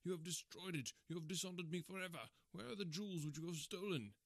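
A man reading as an enraged older banker who shouts accusations at his son in an audiobook. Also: high-pitched, fast talker, dry recording, voice pushed up. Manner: shouting, outraged.

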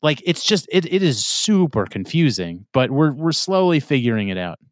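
A man's voice: on the high side, very animated, moderate pace, dry recording, clean studio sound. A man hosting a podcast in casual chat, laid-back, filler-heavy and swearing. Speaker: podcast host.

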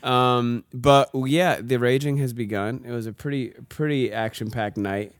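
A man's voice: mid-range voice, fairly even intonation, measured pace, no room sound, clean studio sound. A man hosting a casual show, joking loosely with lots of fillers. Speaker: podcast host. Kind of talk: casual chat.

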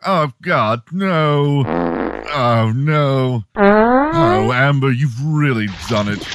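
A man's voice: mid-range voice, wildly swooping pitch, extremely slow, slight background noise, voice pushed up, full character voice. A man impersonating an exasperated male movie star, speaking in a put-on British lilt with melodramatic whining. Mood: horrified. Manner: whiny, melodramatic.

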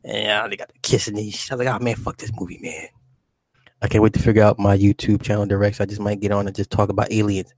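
A man's voice: on the low side, monotone, racing, few pauses, a little mellow, dry recording. A man chatting casually on a livestream, rambling and profane, laughing often. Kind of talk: casual chat.

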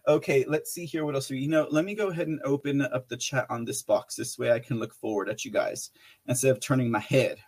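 Talking a little fast in a medium pitch with fairly even intonation, a man hosts a live podcast stream, casually reading chat messages aloud. He laughs often and rambles, full of fillers and restarts.

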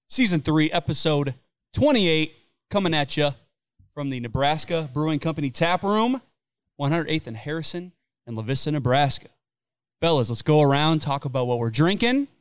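A man's voice: a little high, lively intonation, normal speed, smooth, no room sound. A man hosting a podcast, joking around and swearing in casual chat, recorded at a brewery taproom. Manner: joking, swears freely, playful. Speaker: podcast host.

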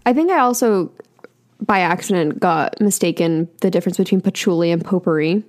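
A woman's voice: lowish voice, brisk, darkish tone. A young woman co-hosting a podcast, chatting casually and filling her sentences with "like". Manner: chatty, many "like" fillers. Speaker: podcast co-host. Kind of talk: casual chat.

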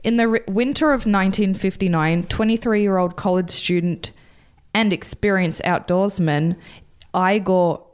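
A woman's voice: mid-range voice, unhurried, smooth. A woman hosting a podcast and telling a story in a casual, rambling, chatty way. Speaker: podcast host.

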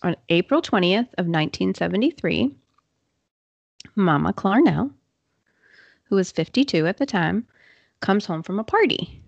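A woman hosting a podcast, telling a true crime story in a casual, chatty way with quick asides and fillers. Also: mid-range voice, animated, creaky, no room sound, dull audio. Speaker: podcast host.

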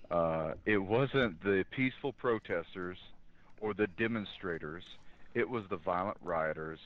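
A man with a fairly low voice speaks as a guest on a talk show. He talks in an earnest, opinionated way and pauses often with fillers. His voice comes through a dull, lo-fi line. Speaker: guest in law enforcement. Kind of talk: casual political talk.

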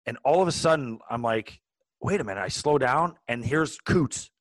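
A man in his forties, a podcast co-host, telling a long casual story with lots of restarts and animated asides. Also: mid-range voice, normal speed, dry recording. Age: 40s. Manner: animated, rambling with many restarts.

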